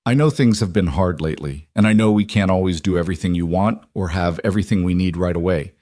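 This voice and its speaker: A man's voice: low-pitched, fast talker, darkish tone, no echo, studio quality, close to an everyday voice. A man voicing a struggling single father in a read-aloud story, speaking tenderly and reassuringly. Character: struggling single dad, gentle and honest. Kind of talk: storybook narration.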